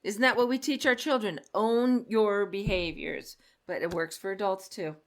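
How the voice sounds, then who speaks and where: Female parenting-podcast host with a gravelly voice, affirming interviewer. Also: medium pitch, fairly even intonation, moderate pace. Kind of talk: conversational interview.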